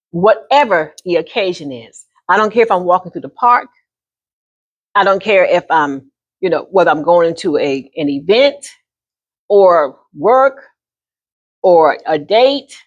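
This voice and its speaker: A woman in her sixties telling a personal story to camera in an animated, folksy way, often calling the listener honey. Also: mid-range voice, muffled recording. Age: 60s. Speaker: vlogger.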